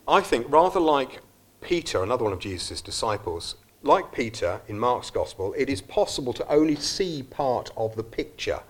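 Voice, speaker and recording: A man preaching a sermon at a church service, earnest and reflective, sometimes restarting his phrases. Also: mid-range voice.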